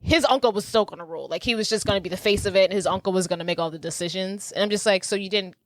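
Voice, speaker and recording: A woman's voice: medium pitch, rapid-fire, dry recording. A woman co-hosting a podcast, chatting casually about a movie with lots of fillers. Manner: chatty, filler-heavy, lively. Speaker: podcast co-host. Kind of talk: casual movie recap chat.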